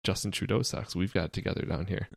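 A deadpan American podcast host with a very low, gravelly voice. He talks in dry, sarcastic asides and stops often with fillers. The recording is close and dry. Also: quick pace, dry recording. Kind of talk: casual chat.

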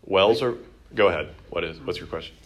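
A man's voice: low-pitched, a little fast, reverberant, noisy background. A man teaching a Bible lesson to a class, asking questions and acting out the quotes. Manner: lively, quizzing students and acting out quotes.

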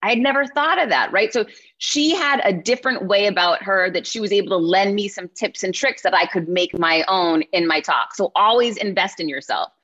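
Energetic woman giving a motivational talk. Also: mid-range voice, a little fast. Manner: energetic, often checks in with "right?". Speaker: keynote speaker. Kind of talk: motivational speech. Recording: slightly muffled lo-fi sound.

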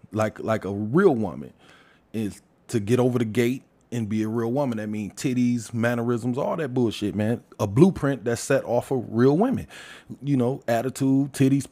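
Man ranting heatedly, profane and loud. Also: moderate pace. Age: adult father. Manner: heated, swearing, swings between loud outbursts and low mutters. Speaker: commentator. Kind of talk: profane casual rant.

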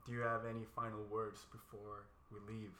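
Podcast host, mid pitch, relaxed and brief, roomy echo. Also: brisk. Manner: relaxed, brief, agreeable interjections. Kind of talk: casual interview chat. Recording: echoey room with faint ambience.

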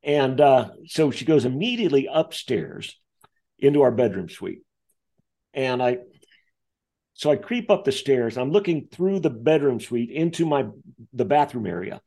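A man telling a personal story as an interview guest, acting out the voices of the people in it. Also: a little slow. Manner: acts out quoted voices, lively pitch. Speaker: author and guest. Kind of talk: animated storytelling.

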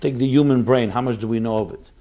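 A man's voice: medium pitch, fast, mellow. A man giving an earnest, emphatic Torah talk as a rabbi, full of rhetorical questions.

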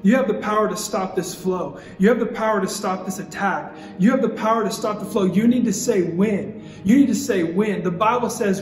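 A man's voice: sits high, a little fast. A young man from Idaho preaching a youth sermon in repeated rhythmic cadences, with casual storytelling asides. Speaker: youth pastor. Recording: echoey hall with long reverb, soft music.

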